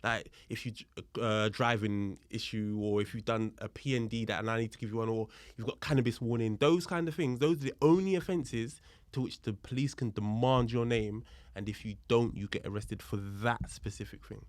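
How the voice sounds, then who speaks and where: A man, a police officer as a guest, telling a story in a casual, animated way, acting out the dialogue and explaining the law as he goes. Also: on the low side, normal speed, few pauses, no room sound.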